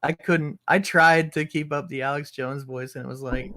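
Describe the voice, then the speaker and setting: A man co-hosting a casual stream, explaining himself in an animated, laughing way. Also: on the high side, normal speed. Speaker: co-host.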